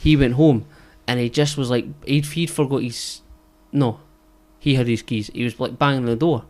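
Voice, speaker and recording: A man's voice: mid-range voice, fairly even intonation, darkish tone. Sheepish Scottish young man. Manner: halting, sheepish, swears often. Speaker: podcast co-host. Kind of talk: casual chat, storytelling.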